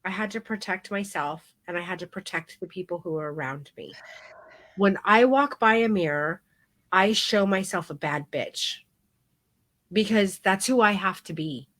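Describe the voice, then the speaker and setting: Frank, animated middle-aged woman. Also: mid-range voice, moderate pace. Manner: frank and animated, with mild profanity. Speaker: boudoir photography teacher. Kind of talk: live class storytelling.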